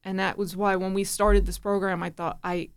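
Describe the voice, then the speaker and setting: A woman's voice: mid-range voice, normal speed, clear, resonant tone. A middle-aged woman from New Jersey, a guest telling a personal story in casual conversation, acting out the voices of people she quotes. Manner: animated, acts out quoted voices.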